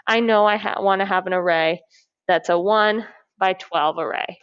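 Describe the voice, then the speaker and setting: A woman's voice: medium pitch, fairly even intonation, normal speed, clean tone, dry recording, highs cut off. A woman math teacher talking through a lesson step by step in an upbeat, encouraging way. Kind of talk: recorded classroom lesson.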